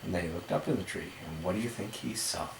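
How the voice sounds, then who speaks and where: A woman's voice: very deep voice, fast talker, creaky, reverberant. Woman, reading a picture book to a child, asides to the child, far from the mic, background noise.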